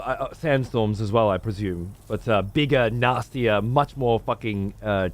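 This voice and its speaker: An Australian man doing profane let's-play commentary, ranting and mocking with heavy swearing. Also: lowish voice. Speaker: gaming streamer.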